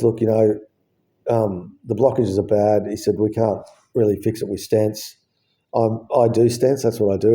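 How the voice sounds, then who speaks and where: A man's voice: fairly low pitch, warm tone. A man, telling the story of his heart surgery in a casual, blunt way, swearing freely and acting out what people said. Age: 50s. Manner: blunt, swears freely, acts out both sides of conversations.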